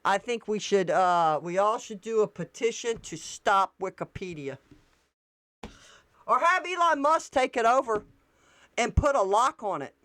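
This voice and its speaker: A woman's voice: medium pitch, expressive, measured pace, fairly bright tone, dry recording. A woman, doing casual political commentary and reacting to posts on screen in a blunt, profane way.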